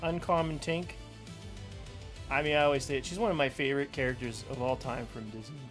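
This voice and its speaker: A man's voice: medium pitch, fairly even intonation, fairly quick, a bit bright, soft background music. A man casually chatting to viewers while opening trading card packs at home, playful and talkative. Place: room at home with fans running.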